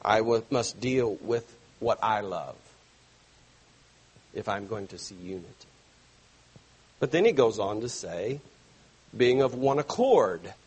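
A man preaching a sermon to his church, stressing phrases slowly and dropping suddenly soft. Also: fairly low pitch, lively intonation, husky. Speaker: pastor.

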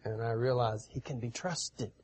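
A male preacher giving a sermon, reading scripture aloud and swelling loud on key phrases. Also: mid-range voice, fairly even intonation, normal speed, a little hiss or hum.

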